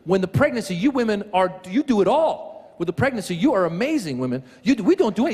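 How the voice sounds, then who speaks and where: A high-voiced, middle-aged comic delivers a lively stand-up set on a comedy stage, talking a little fast and acting out voices and sounds. The recording has a big-room sound from the live show, with loud laughter and crowd noise.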